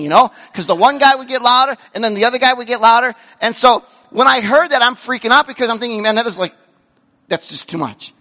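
A man preaching a sermon as a pastor, animated and emphatic, acting out the voices of the people he describes. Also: very high voice, big-room sound. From grew up in a Korean church community. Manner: animated, acts out quoted voices, shouts for emphasis. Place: church sanctuary.

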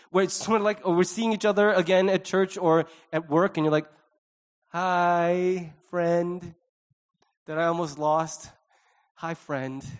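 A middle-aged male pastor preaching a conversational sermon, acting out little quoted voices along the way. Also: high voice.

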